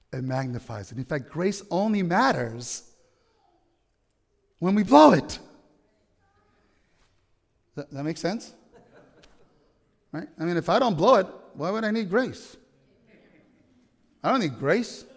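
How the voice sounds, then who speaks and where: A man's voice: fairly high pitch, very animated, slow, pauses often, in a large hall. A man preaching a sermon to his congregation, emphatic and often asking them questions. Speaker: pastor. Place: church.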